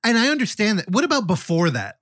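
A man co-hosting a podcast, chatting casually about horror films, animated and swearing freely. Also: high-pitched, quick pace, no room sound, clean studio sound. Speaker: podcast co-host.

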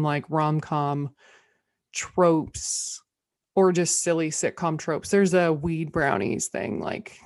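A low-voiced woman co-hosts a podcast, chatting casually about TV shows in a review-style conversation with no echo. She's bubbly and fills her speech with lots of "like."

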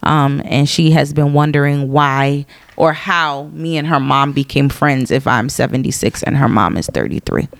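A woman's voice: very deep voice, moderate pace, vocal fry, no room sound. A woman in her thirties hosting her own podcast, talking casually and rambling, often breaking off her sentences, tired. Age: 30s. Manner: rambling, chatty, self-interrupting. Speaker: podcast host; high school teacher. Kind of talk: casual solo podcast monologue.

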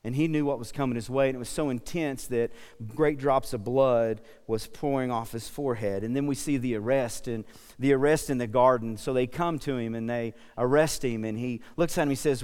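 A man's voice: medium pitch, fairly quick, darkish tone. A male pastor preaching a sermon, mixing joking stories with earnest exhortation. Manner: storytelling, self-deprecating humor, exhorting. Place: church sanctuary. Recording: long reverb in a church hall.

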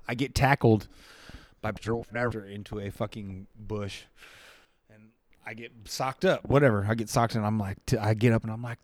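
A man's voice: on the low side, dry recording. A man on a podcast telling a rambling, profane story in casual slang. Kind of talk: casual chat. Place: podcast studio.

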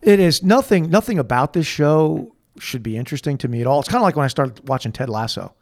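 A man co-hosting a podcast, casually retelling a TV scene and quoting the characters in a lowered, hushed voice. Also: quick pace. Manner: animated storyteller who quotes characters in a lowered, hushed voice. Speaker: podcast co-host.

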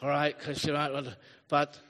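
A man delivers a sermon in a high, bright, forward voice. He slips easily into stories and self-deprecating jokes, talking to the congregation as if chatting. The recording carries a long reverb from a church hall. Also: little pitch movement, moderate pace. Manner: chatty storytelling with asides and self-deprecating humor. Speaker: pastor. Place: church hall, live service.

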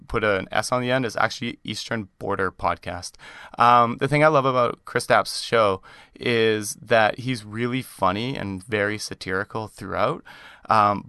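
Canadian guy hosting a podcast, rambly and chatty, crisp bright voice, pretty low. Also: no room sound, studio quality. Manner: chatty, lots of fillers and laughs. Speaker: podcast host. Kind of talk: casual chat.

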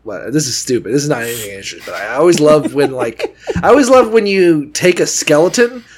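A man's voice: on the high side, animated, fast talker, a crowd in the background. A man co-hosting a podcast in casual, rambling banter, often trailing off mid-thought and swearing freely. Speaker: podcast co-host.

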